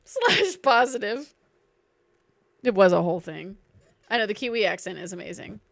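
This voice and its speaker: While streaming gameplay live, a woman with a Southern accent chats playfully, reacting to things and greeting her viewers. She speaks at a moderate pace in an expressive, creaky mid-range voice, recorded without echo.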